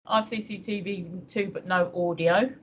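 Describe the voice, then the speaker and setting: A woman's voice: medium pitch, steady tone, moderate pace. Woman guest, casual chat, dull lo-fi call audio. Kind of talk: casual live-stream chat.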